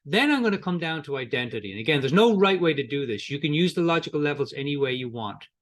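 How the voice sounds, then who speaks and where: A man's voice: a little high, lively intonation, quick pace, fairly bright tone. A middle-aged man teaching a coaching lesson in a conversational way, acting out both coach and client in short quoted exchanges. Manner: conversational, with repetitions and restarts. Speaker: coaching trainer. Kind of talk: coaching lesson with role-played client dialogue.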